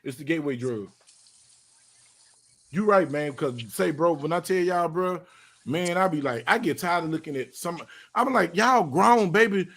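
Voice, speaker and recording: A man hosting a live stream chat with a friend, teasing and joking in slang with sudden loud bursts. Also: a little high, expressive, moderate pace, gravelly. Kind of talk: casual banter on a live stream.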